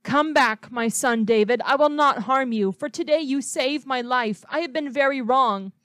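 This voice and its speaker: Woman reading as a sorry old king in a storybook, higher voice, dry sound. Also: moderate pace, a bit bright, dry recording. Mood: remorseful. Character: repentant old king pleading with a younger man.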